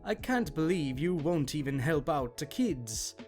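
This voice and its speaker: A man's voice: fairly high pitch, big pitch swings, moderate pace, soft background music. A man voicing a rude, entitled mother in a read-out story, demanding and dismissive.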